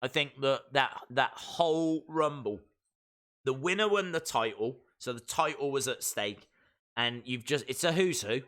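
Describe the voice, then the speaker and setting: A man hosting a live reaction stream, chatting casually and excitedly to his viewers as he thinks out loud. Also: mid-range voice, a little slow.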